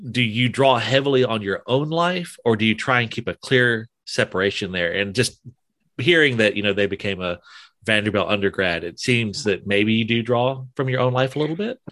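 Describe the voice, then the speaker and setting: Low bright-voiced Southern man hosting. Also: normal speed, dry recording. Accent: mild Southern US. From Alabama. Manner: chatty, hesitant, many fillers and restarts, laughs often. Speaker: interview host. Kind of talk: casual interview chat.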